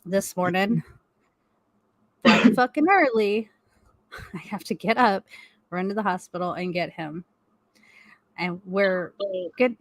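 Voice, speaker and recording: A middle-aged woman co-hosting a live stream from home, spilling a story with plenty of swearing and quick laughs. Her voice sits at an ordinary pitch and sounds close and dry, with no room around it. She is animated and blunt throughout. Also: dry recording. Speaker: co-host of a live stream chat. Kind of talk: casual profane storytelling.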